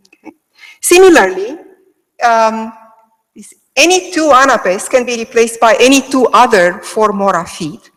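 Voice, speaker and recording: A woman with a fairly high voice gives an academic lecture on Greek meter to a remote audience, explaining step by step. She checks in often with "okay." The audio is poor and carries a big-room sound.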